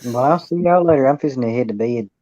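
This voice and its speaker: A man with a Southern Tennessee accent chats on a live online panel in short, laid-back replies. His voice has a warm, relaxed tone. The sound comes through a muffled, lo-fi call. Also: mid-range voice, fast talker, dry recording. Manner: drawling, brief, easygoing replies. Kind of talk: casual chat.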